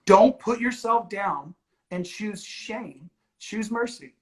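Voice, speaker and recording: A man's voice: high voice, lively intonation, takes it slowly, rough recording. A man and ministry leader talking candidly and earnestly, with many "like"s and "you know"s. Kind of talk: candid conversational talk.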